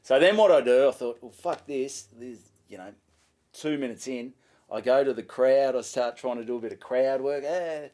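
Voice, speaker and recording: A man's voice: medium pitch, moderate pace, darkish tone. A man with an Australian accent, a stand-up comedian, telling a story in casual chat, swearing freely and acting out both sides of each exchange.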